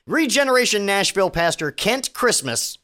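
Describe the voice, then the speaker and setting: A man's voice: sits high, sing-song, normal speed, sharp tone. A man hosting a solo podcast, reading news items and mocking them with sarcastic, profane asides and stammering restarts. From Virginia. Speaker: podcast host.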